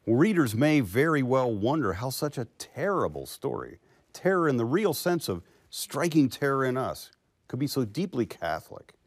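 A man's voice: medium pitch, big pitch swings, moderate pace. A man interviewing an author, thoughtful and admiring.

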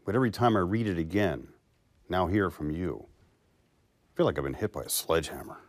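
Lively low-voiced male interviewer. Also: normal speed.

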